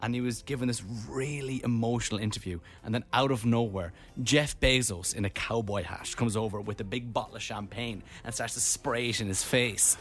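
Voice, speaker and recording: A man's voice: mid-range voice, brisk, few pauses. A man with a Dublin Irish accent hosting a radio show, telling rambling stories in casual chat. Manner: rambling animated storyteller.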